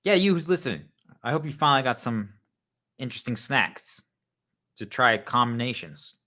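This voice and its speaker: A man's voice: medium pitch, expressive, moderate pace, bright, forceful tone. A man speaking straight to the listener in a role-play monologue, rambling and joking as if a little tipsy.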